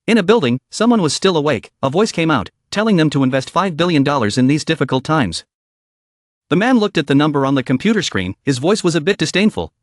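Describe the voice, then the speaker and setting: A man narrating a comic story recap in an even, steady reading voice. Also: on the high side, quick pace, no echo, clean studio sound.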